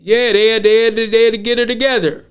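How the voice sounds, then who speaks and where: A man's voice: very high voice, flat delivery, quick pace, fairly bright tone, smooth. An American man hosting a podcast, talking casually and rambling, often repeating words as he restarts. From United States. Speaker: podcast host.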